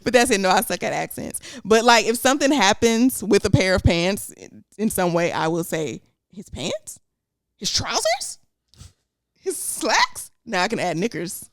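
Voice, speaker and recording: A woman from Houston with a Texan accent, co-hosting a casual podcast chat in a lively, giggly, animated way. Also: medium pitch, a little fast, hardly any pauses, no echo, clean studio sound. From Houston, Texas. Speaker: podcast co-host.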